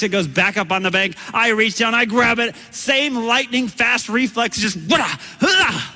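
A high, bright-voiced man preaching in a lively, bouncing way. He tells his sermon as a story and acts out his own shouts, with a long hall reverb trailing each line.

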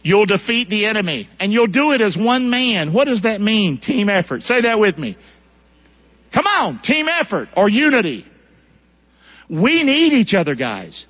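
A fiery male pastor preaching to his congregation in church, his fairly high voice leaping up and down with energy. He talks in plain, colloquial language and pulls the crowd into call-and-response. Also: sing-song, normal speed, fairly bright tone. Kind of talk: sermon.

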